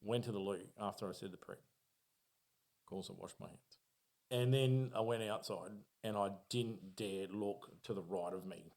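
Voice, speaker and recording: An Australian man telling a spooky personal story on a podcast in a casual, profane, animated way, acting out his own reactions. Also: on the low side, a little slow.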